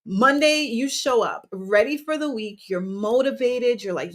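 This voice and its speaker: A woman's voice: fairly high pitch, measured pace, few pauses. A woman hosting her own podcast as a business coach, talking energetically to listeners in a motivational style and often asking them questions. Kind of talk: motivational solo podcast talk.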